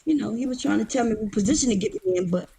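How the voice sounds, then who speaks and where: A woman's voice: fairly high pitch, lively intonation, rapid-fire, creaky, warm tone, husky. A woman guest on a livestream, talking brashly and teasingly with lots of cursing, a bit out of breath. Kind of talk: casual livestream chat.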